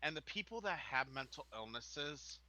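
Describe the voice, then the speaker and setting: A male co-host on a live-streamed talk show who makes his points earnestly and with emphasis. His voice sits somewhat high for a man and sounds very bright. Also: expressive, no echo, low-quality recording. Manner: earnest, emphatic, speaks in measured statements. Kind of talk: casual chat.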